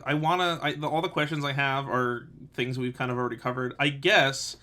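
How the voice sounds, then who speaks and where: Young guy hosting a fan chat, bright voice, gushing and laughing a lot. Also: mid-range voice, flat delivery, normal speed. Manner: eager, fanboyish, laughs often. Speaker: podcast host, interviewer. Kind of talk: casual interview chat.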